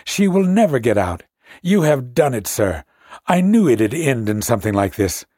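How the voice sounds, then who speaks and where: A frantic ship's mate, as a man puts him on, wailing that all is lost. His voice is husky and climbs high in panic. The sound is close and dry. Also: very animated, moderate pace, a little mellow, dry recording. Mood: despairing. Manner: wailing, despairing.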